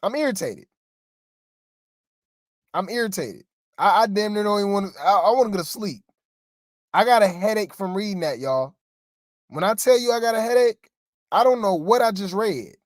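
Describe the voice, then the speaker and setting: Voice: mid-range voice, animated, moderate pace, long pauses, no echo, studio quality. A co-host giving casual gossip commentary, rambling and exasperated, often talking straight to the listeners.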